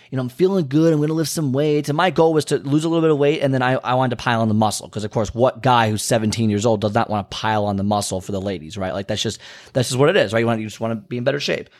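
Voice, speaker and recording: Rambling man telling a gym story. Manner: rambling, self-interrupting, frequent restarts and asides; acts out quoted dialogue with pitch jumps. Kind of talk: casual storytelling monologue.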